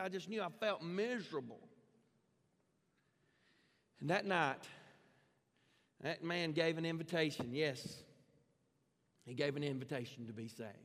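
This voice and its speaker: A man telling his conversion story as a sermon testimony, animated, his voice jumping up in pitch at the dramatic parts. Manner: animated storytelling, pitch leaping up when excited. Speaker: preacher giving testimony. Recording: long hall reverb.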